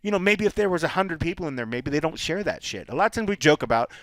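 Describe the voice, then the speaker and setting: A man co-hosting a podcast, telling stories in a rambling, animated way. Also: a little high, fast, no echo. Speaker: podcast co-host. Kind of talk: casual chat.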